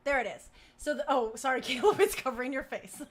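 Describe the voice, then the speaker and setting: A woman's voice: high-pitched, brisk. A woman hosting a casual talk show, telling stories with lots of laughter and acted-out quotes. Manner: giggly, animated storyteller acting out quotes. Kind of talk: casual chat.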